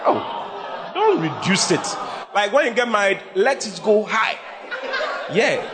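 A man preaches to a church full of people, his voice riding high and leaping wildly in pitch. He teases and shouts at his listeners in a playful sermon. A crowd can be heard clearly behind him. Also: slow. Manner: animated, teasing, often shouting and laughing with the congregation. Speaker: pastor. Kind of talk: humorous sermon on marriage. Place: church before a live congregation. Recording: congregation noise behind the voice.

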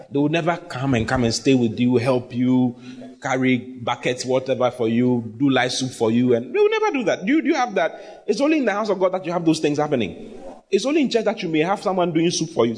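A man's voice: mid-range voice, big-room sound. A man preaching a sermon as pastor, teasing his congregation and repeating phrases for emphasis.

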